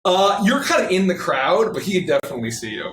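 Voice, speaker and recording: Brief: good-humored male game master, a bit high-pitched, describing scenes at length in a roomy room. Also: big pitch swings, fast talker, fairly bright tone. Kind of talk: narrating a tabletop game. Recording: roomy echo, faint noise.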